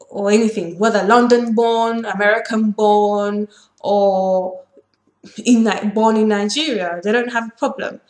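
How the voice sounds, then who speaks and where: A woman's voice: medium pitch, fairly even intonation, unhurried. Emphatic woman vlogger in an echoey room. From Ghana. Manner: emphatic, lecturing directly to viewers. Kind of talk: opinion vlog to camera.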